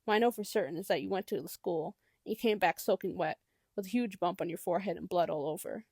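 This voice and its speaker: A woman's voice: fairly low pitch, fast, vocal fry, darkish tone, husky, no room sound, clean studio sound. A woman voicing a worried, protective mother, speaking steadily and earnestly.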